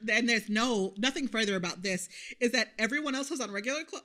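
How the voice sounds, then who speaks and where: A woman co-hosting a podcast in casual chat, animated, swearing freely and laughing often. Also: fairly high pitch, fast. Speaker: podcast co-host.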